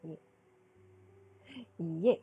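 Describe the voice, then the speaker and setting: Slow-talking, giggly woman streamer. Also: no room sound, phone-quality sound, soft background music. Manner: giggly, swears freely, bursts into squeals; drops Japanese exclamations into speech. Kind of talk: casual live-stream chat while drawing.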